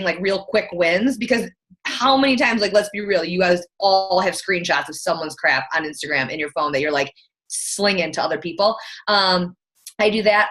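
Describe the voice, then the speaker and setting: Blunt, fast-talking woman coach. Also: on the low side, fairly bright tone. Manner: blunt, fast, filler-heavy talk. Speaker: team coach and guest. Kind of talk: casual interview chat.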